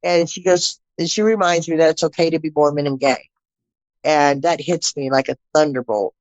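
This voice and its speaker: A woman's voice: sits low, moderate pace, no room sound. Middle-aged woman telling her story, dry and muffled. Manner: animated, acts out quoted dialogue, repeats phrases for emphasis. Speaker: podcast guest. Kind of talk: personal testimony storytelling.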